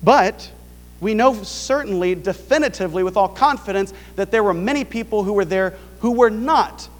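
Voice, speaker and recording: A man's voice: high-pitched, normal speed, long reverb tail. A male pastor preaching a sermon, pressing his point with rhetorical questions.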